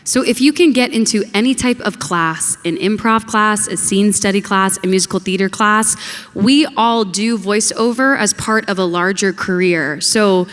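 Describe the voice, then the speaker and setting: A woman's voice: mid-range voice, moderate pace, a bit bright. A woman on a convention panel, giving earnest, explanatory advice. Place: large convention hall. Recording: echoey convention hall.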